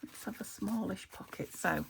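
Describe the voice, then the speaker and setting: British woman, craft vlogger, thinking aloud, soft half-whispers, slight vocal fry, mid pitch. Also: moderate pace. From United Kingdom. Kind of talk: casual flip-through narration while crafting.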